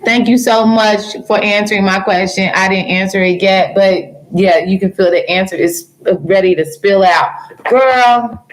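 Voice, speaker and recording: The recording is low quality with a little hiss or hum, carrying a medium-pitched female voice. She's a tarot reader answering viewers on a live stream, playfully calling them girl and baby, cracking jokes and laughing before getting earnest with advice.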